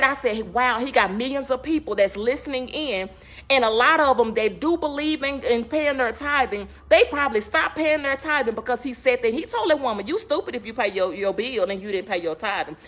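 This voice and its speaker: A woman's voice: sits high, a bit bright. A woman podcast host in a casual faith talk, earnest and emphatic. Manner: earnest, conversational, emphatic preaching tone.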